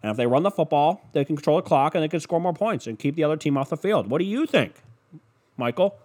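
A man doing a mock TV football pundit who rambles slowly through clichés with many fillers. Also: a little high, animated, a little mellow, pitched above the performer's own voice. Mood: droning. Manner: slow, halting, filler-heavy.

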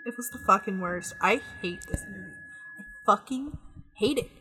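A woman's voice: mid-range voice, moderate pace, background noise. A woman co-hosting a podcast, ranting about a movie in casual chat and swearing freely. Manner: animated, profane ranting. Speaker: podcast co-host.

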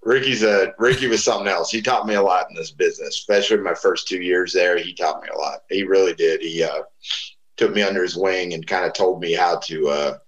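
Speaking a little fast in a low voice, a middle-aged man appears as a guest, telling casual stories with lively energy and imitating those he quotes. The audio is dull, with a roomy echo.

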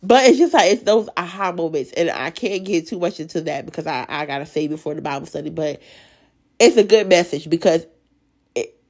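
Woman, gravelly hoarse-sounding voice, emotional devotional chat, halting restarts. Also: on the low side, expressive, darkish tone. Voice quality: raspy voice from sinuses. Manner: emotional, earnest faith testimony with stutters and restarts. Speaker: Bible study leader. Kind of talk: casual devotional talk.

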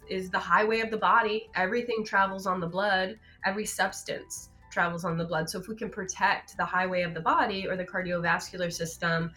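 A woman with a bright, forceful voice explains health topics in a chatty, easygoing way, stopping often with fillers. She sounds like a guest doctor on a live web show. Soft music plays faintly underneath. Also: fairly low pitch. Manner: chatty and explanatory, laughs easily, many fillers.

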